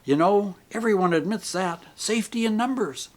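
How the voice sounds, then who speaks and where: A man's voice: high voice, moderate pace, pitched above the performer's own voice, natural voice. A man reading the part of a fearful, secretive man who drops his voice to confide on a bus. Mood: furtive. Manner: hushed, secretive, uneasy. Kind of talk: audiobook character reading.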